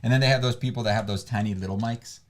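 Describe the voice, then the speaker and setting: A man's voice: mid-range voice, steady tone, very fast. A man co-hosting a livestream, talking casually and rambling with many restarts and fillers. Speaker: livestream co-host. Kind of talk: casual chat.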